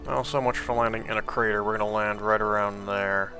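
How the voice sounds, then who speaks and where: A man's voice: fairly low pitch, steady tone, a little fast, bright, forceful tone, faint music behind. A sleepy man casually commenting on his gameplay, thinking aloud at a drifting pace. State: sleepy, yawning. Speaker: gameplay video host.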